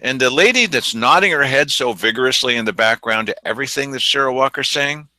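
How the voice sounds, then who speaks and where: A man's voice: medium pitch, fairly quick, bright, forceful tone, no room sound, low-quality recording. A man hosting an opinionated news commentary, indignant and sarcastic, mocking the people he quotes. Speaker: news show host.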